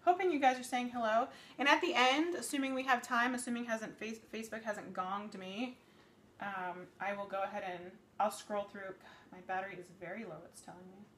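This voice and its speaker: A woman's voice: medium pitch, steady tone, a little fast, a bit bright, slight background noise. A woman in her thirties hosting a live cooking demonstration from her home kitchen. She talks in a chatty, rambling way, often correcting herself mid-sentence, and her voice sounds slightly worn.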